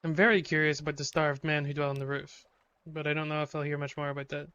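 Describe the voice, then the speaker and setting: A man commentating a game live for his chat. His voice sits fairly high and sounds bright and crisp. He reads the game's text aloud and lets out curses when something startles him. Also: little pitch movement, fast talker, no room sound, lo-fi sound. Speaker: streamer.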